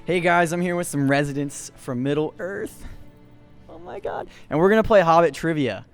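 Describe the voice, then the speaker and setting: Smooth-voiced young man quizzing fans. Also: on the high side, brisk, soft background music. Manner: nerdy, playful quizzing. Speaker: co-host running trivia. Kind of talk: casual chat, quizzing.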